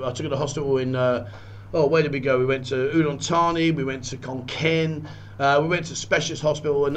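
A man earnestly telling a personal story, often halting and repeating words. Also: a little high. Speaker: guest telling his story.

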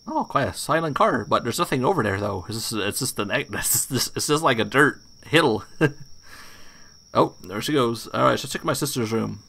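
Man, young, horror game commentary, casual slang, gravelly, bright. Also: medium pitch. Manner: casual slangy, reactive, jumpy. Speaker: gaming streamer.

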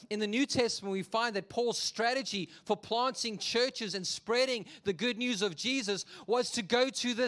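A man preaching a sermon as a pastor, telling the story in an animated, jokey way. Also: sits high.

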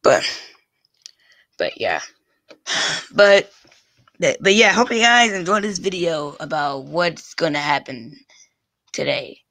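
On a dry desk-mic recording with a pop filter, a male YouTube vlogger speaks in a high-leaning, gravelly voice that's pushed and bright, with big pitch swings. He rambles casually at his viewers, constantly halting and repeating phrases over and over before completing a thought.

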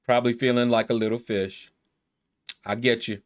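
A man with a mid-range voice talks through a game leaderboard in a loose, easygoing way. He shouts out players one by one and stretches some of their names in a playful drawl. It sounds like a casual gaming video. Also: medium pitch, level tone, moderate pace. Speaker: gaming YouTuber. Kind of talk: casual commentary reading a leaderboard.

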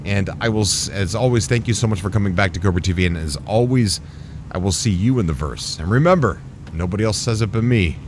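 A man hosting his gaming channel, commenting on his gameplay in an excitable way, laughing often and apologizing. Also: fairly low pitch, a little fast, a little hiss or hum.

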